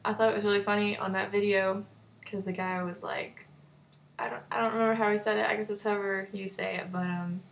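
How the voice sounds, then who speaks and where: A woman's voice: mid-range voice, little pitch movement, fast talker, creaky, slight background noise. A young woman with a North Texas accent chatting casually in a vlog, with many fillers and small laughs. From North Texas, USA. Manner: chatty, giggly, lots of fillers and likes. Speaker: vlogger. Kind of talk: casual chat.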